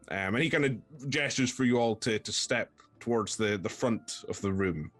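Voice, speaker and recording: A man narrating a tabletop game as dungeon master, in a halting way with many fillers. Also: lowish voice, soft background music.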